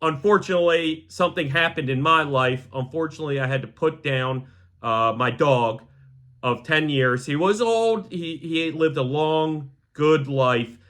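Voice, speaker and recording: A young man hosting a podcast, talking to camera in a heartfelt, halting way that sometimes sounds choked up. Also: a little high, fairly bright tone. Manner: repeats the word "gang" to the audience. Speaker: podcast host. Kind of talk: emotional personal monologue to camera.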